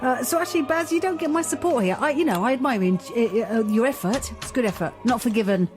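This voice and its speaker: A woman's voice: a little high, expressive, quick pace, over music. A woman on a radio panel, chatting frankly and bluntly with small hesitations, in a radio studio. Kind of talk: casual chat.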